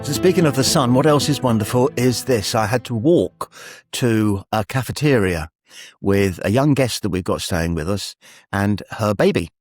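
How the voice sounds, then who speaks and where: Low-voiced chuckling man. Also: animated, moderate pace, darkish tone, no room sound, soft background music. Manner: rambling, chuckling, wry storytelling. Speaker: radio host. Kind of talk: anecdotal monologue.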